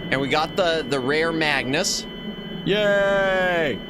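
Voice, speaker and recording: A man streaming a game as a VTuber, chatting casually with viewers and reacting loudly to what happens on screen. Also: on the high side, takes it slowly. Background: game music.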